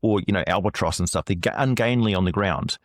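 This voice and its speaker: Low-voiced male guest, vivid explainer. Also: fast talker, no echo, studio quality. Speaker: guest lore expert. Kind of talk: casual interview chat.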